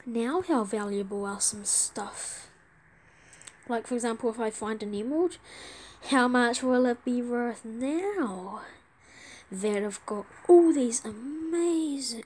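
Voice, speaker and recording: Casual gaming host, woman, chatty and excitable, high voice with a soft, dark tone. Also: slow pace. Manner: excitable, chatty, pleading for trades. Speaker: gaming video creator. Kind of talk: casual let's-play commentary.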